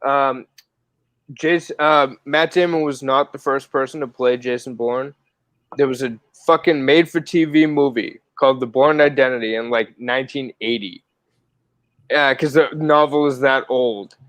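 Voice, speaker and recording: A man's voice: medium pitch, moderate pace, fairly bright tone, dry recording, poor audio. A man co-hosting a casual podcast chat, offhand and swearing casually, joining over a remote call. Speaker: podcast co-host.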